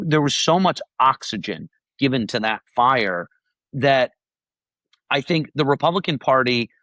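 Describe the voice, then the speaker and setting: A man co-hosting a political podcast, thinking aloud in a lively, casual way. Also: mid-range voice, no room sound. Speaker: podcast co-host.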